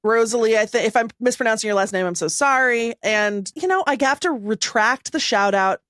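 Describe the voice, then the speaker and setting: A woman co-hosting a podcast in sarcastic, casual conversation. Her voice is high and swoops widely, very animated. The sound is dry and close. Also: fairly quick, no echo. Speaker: podcast co-host.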